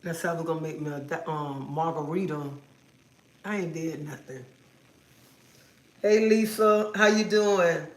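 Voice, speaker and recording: A woman's voice: sits low, a little slow, long pauses. A woman hosting a casual livestream from home, chatting and playfully scolding her viewers in a sassy, talkative way. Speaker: livestream host. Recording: roomy echo.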